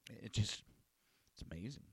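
A man's voice: fairly quick, darkish tone. A man hosting a small radio and online show, talking in a casual rambling monologue, often repeating words and cursing casually.

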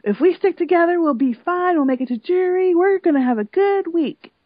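A woman voicing an excited houseguest who cheers on her group, talking in a raised, eager way. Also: extremely high pitch, brisk, dry recording, pitched above the performer's own voice. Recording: dull lo-fi sound.

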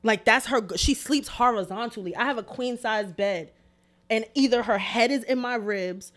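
A young adult woman telling a story in a casual podcast chat, animated, emphatic and full of profanity. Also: on the high side, normal speed. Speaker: podcast co-host.

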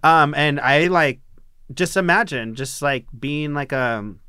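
A man in his twenties candidly telling a personal story on a talk show, profane and animated. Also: on the high side, slow pace, clear, resonant tone, no echo, studio quality.

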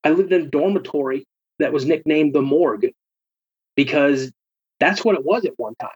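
Guy telling a creepy dorm story, husky and kinda high, muffled lo-fi sound. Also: normal speed. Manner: animated, acts out quoted friends. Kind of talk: casual personal storytelling. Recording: dull lo-fi recording.

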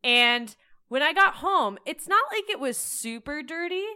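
Young woman, casual chat, bright voice, candid swearing storyteller. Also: sits high, expressive, a little slow.

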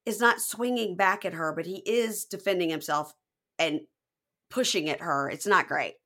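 A woman's voice: on the low side, normal speed. A woman podcast host recapping a reality show in casual chat, acting out quotes. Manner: animated retelling, acting out quotes.

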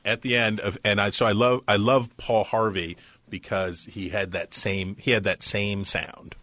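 A man's voice: fairly low pitch, flat delivery, normal speed, bright, forceful tone, dry recording. A man co-hosting a podcast, talking in a casual, rambling way with folksy comparisons and a wry tone. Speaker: podcast co-host. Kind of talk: casual chat.

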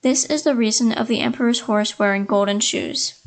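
Lady reading a fairy tale, calm and expressive, bit of a higher voice. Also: a little fast. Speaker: storyteller. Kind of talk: scripted fairy-tale narration.

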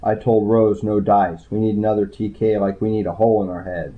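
A man voicing an oily, menacing male hoodlum with a husky voice, over a tinny, phone-like recording. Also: on the low side, flat delivery, a little fast, close to an everyday voice. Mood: contemptuous.

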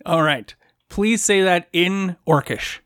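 A woman's voice: on the low side, no room sound. Game master, woman, playful and giggly, dry close mic. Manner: playful, laughs often, halting restarts. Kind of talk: narrating a tabletop game.

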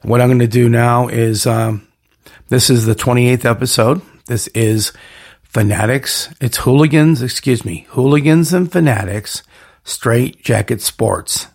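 A man's voice: mid-range voice, unhurried, vocal fry. A man hosting his own podcast, talking alone in a rambling, hyped style full of slogans and catchphrases. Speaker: podcast host. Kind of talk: solo podcast monologue.

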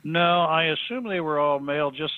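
A man, a podcast guest, telling a story in a halting, earnest way with many restarts. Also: on the high side, clean tone, no echo. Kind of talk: storytelling in an interview. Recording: thin phone-like line, dry.

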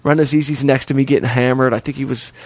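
Animated profane man telling a story. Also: medium pitch, quick pace, no room sound. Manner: animated, profane, swearing-to-God storytelling with acted-out quotes. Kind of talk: casual storytelling chat.

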